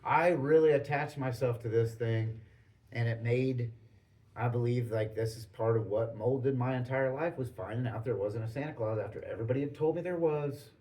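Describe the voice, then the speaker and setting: A man in casual podcast conversation, retelling stories and acting out the quotes as he goes. His voice sits at an ordinary pitch. He talks in a loose, rambling way and keeps restarting his sentences. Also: moderate pace, dark tone, poor audio. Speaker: podcast host. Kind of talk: casual storytelling chat.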